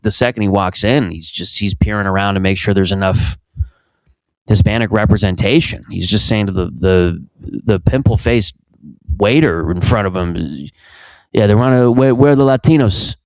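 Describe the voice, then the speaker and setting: A man's voice: lowish voice, moderate pace, a little mellow, dry recording. A young man hosting from his home basement, rambling crudely through a casual comedic monologue and interrupting himself often. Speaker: podcast host.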